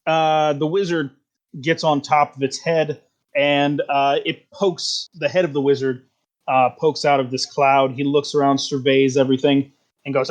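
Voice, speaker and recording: Slow-talking man running a tabletop game. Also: on the high side, level tone. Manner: laughing often, many fillers. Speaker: game master.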